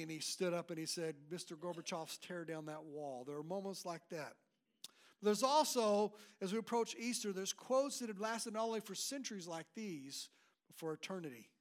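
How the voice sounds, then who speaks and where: A pastor with a notably high voice delivers a sermon. He preaches with emphasis, repeating and restarting phrases as he builds each point. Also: fairly bright tone.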